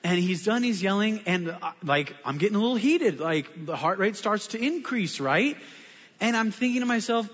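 A man, a pastor, telling a story in a sermon with animated, self-mocking humor. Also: high voice, normal speed, husky. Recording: muffled sound with long hall reverb.

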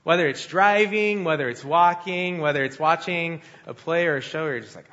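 A man preaching a sermon with a bright, somewhat higher voice. He talks conversationally and slips into lively quoted voices as he tells a story. The sound is a little dull and lo-fi. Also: normal speed, few pauses. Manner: storytelling, conversational, animated quoting. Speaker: pastor.

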